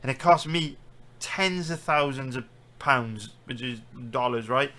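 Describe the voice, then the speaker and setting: A British-accented man holding forth on a live stream, his voice bright and forceful as he rants and swears heatedly. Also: mid-range voice. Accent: British English. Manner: heated, profane ranting. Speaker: sports betting streamer.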